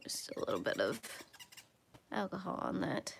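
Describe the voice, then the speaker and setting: A woman hosting a casual livestream from home while she colors. She chats along and sometimes drops into soft murmurs as she works. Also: on the low side, big pitch swings, normal speed, gravelly, a little hiss or hum. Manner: chatty, drifts into soft murmurs while working. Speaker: livestream host.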